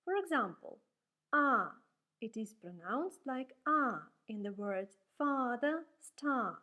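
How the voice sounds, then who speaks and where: A woman teaching a language lesson, who says each example letter and word louder and often twice. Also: fairly high pitch, lively intonation, takes it slowly, lo-fi sound. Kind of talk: slow, careful language lesson.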